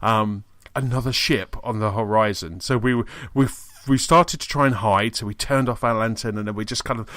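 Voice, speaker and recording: A man's voice: medium pitch, moderate pace, hardly any pauses, a bit bright, no echo. A man co-hosting a gaming podcast, chatting casually and enthusiastically with frequent restarts. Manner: enthusiastic, rambling with many restarts. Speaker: podcast co-host. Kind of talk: casual chat.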